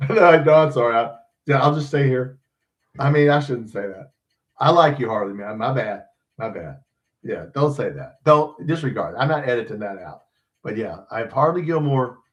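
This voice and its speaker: A man's voice: mid-range voice, animated, normal speed. A man hosting a casual sports podcast, rambling and joking with profanity. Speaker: podcast host.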